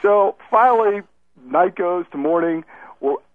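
A man calling in to a radio show, telling a story in a lively way. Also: sits high, a little slow, dry recording. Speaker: caller. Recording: tinny phone line.

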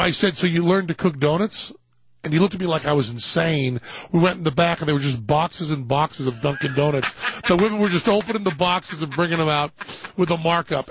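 Gravelly guy spinning a funny story on his show, kinda high voice, flat dry muffled audio. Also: no echo. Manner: animated storyteller, acting out quoted voices. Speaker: radio show host telling a story. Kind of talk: casual anecdote on a talk show. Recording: dull lo-fi dry studio sound.

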